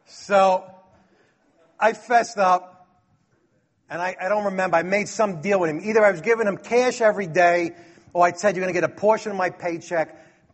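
A man's voice: high-pitched, normal speed. A middle-aged man from Brooklyn, telling a personal story and acting out the dialogue with chuckles. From Brooklyn, New York. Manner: lively, acts out dialogue, chuckles.

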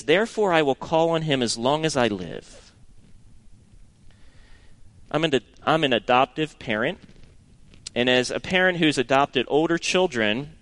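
A middle-aged man preaching a sermon and reading scripture, earnest and expressive, sometimes dropping to a hushed tone for emphasis. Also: on the high side.

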